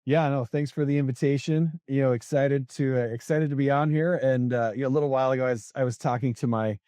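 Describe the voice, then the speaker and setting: A man's voice: medium pitch, steady tone, fast talker, warm tone, no echo. A man in his forties, a podcast guest, telling a story in a chatty way, laughing often and using lots of fillers. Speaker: podcast guest, sales coach. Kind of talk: casual storytelling conversation.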